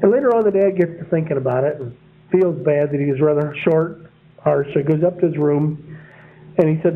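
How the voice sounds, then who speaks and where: A man's voice: fairly high pitch, fairly even intonation, fairly quick. A man giving a folksy, rambling sermon full of homespun stories, chuckling at his own anecdotes. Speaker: preacher. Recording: phone-like narrow sound.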